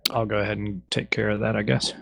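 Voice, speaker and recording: A man co-hosting a podcast, chatting in an easygoing, halting way while setting up. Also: fairly low pitch, little pitch movement, creaky, fairly bright tone, dry recording, studio quality. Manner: easygoing, hesitant. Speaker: podcast co-host. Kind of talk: casual pre-show chat.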